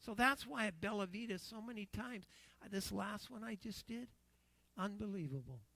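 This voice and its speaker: A man's voice: sits high, moderate pace, vocal fry, bright, forceful tone. A middle-aged man preaching a sermon, telling an emotional story, repeating phrases and acting out what others said.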